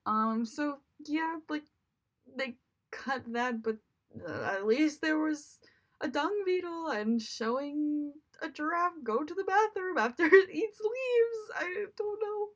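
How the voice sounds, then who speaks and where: A woman's voice: high voice, animated, slow. A young woman giving a casual spoken movie review, chatty and exasperated, with lots of fillers.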